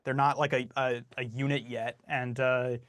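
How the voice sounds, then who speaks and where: A man co-hosting a podcast in casual sports chat, halting and filling his speech with "like" as he vents his frustration. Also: medium pitch, little pitch movement, a bit bright, dry recording, clean studio sound. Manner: halting, heavy use of "like", frustrated. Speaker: podcast co-host.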